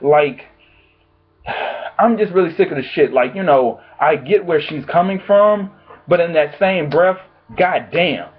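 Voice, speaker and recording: A man talks straight to camera from his home, giving blunt, profane opinion commentary with an exasperated edge. His voice sits slightly high and sounds husky. The audio is thin and phone-like. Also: expressive, unhurried. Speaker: vlogger.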